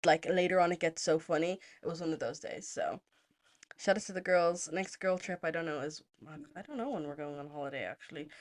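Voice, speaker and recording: A young woman from Zimbabwe hosting a podcast, telling a story in a casual, animated way and moving into political commentary, with lots of "like" and some swearing. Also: fairly low pitch. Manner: animated, chatty, heavy use of "like", swears freely. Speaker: podcast host.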